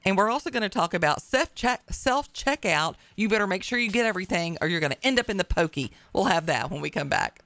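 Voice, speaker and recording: Blunt, opinionated talk radio hostess. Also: female voice, medium pitch, animated, fast, hardly any pauses, fairly bright tone. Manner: emphatic, blunt, wry. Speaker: radio talk show host.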